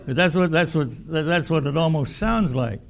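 A man's voice: a little high, normal speed. A pastor preaching a sermon in a folksy, emphatic way, often repeating his words.

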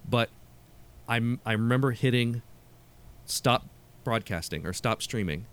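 A male guest on a podcast, a performer with a mid-pitched voice. He tells stories with animated, earnest energy. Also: unhurried, smooth. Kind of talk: casual podcast chat.

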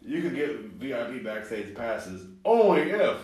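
A man's voice: mid-range voice, moderate pace, distant mic. A man hosting a casual podcast chat, laughing a lot and acting out jokes in mock voices. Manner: laughing, animated, acts out bits in mock voices. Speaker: podcast host. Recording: echoey room, off-mic.

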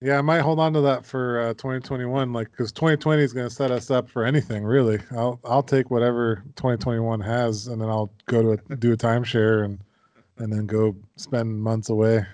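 Man, mid pitch, dry close mic, relaxed casual co-host. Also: brisk, dry recording. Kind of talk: casual chat.

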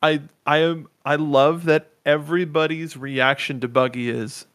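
A man co-hosting a casual chat, relaxed and joking in his commentary. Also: on the high side, unhurried, no echo, clean studio sound.

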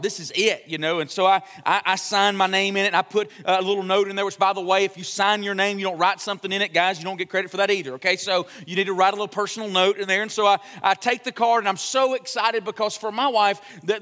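Bright-voiced young pastor in a reverberant church. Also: male voice, high voice. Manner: chatty, joking storyteller. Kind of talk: sermon. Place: church sanctuary. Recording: long church hall reverb.

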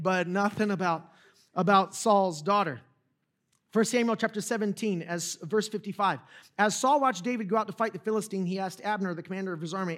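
A man's voice: high voice, a little fast, fairly bright tone. A young adult man preaching a sermon, retelling a story casually with jokes and asides to the audience. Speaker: pastor.

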